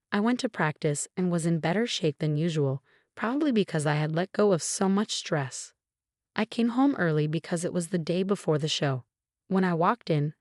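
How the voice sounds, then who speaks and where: A woman reading a scripted first-person story in an even, steady way. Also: lowish voice, no room sound, clean studio sound. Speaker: story narrator.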